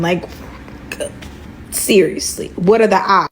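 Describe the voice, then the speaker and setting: A young woman telling a casual storytime story in slangy speech, acting out the dialogue with sudden jumps up in pitch. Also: lively intonation, a little slow, slight background noise.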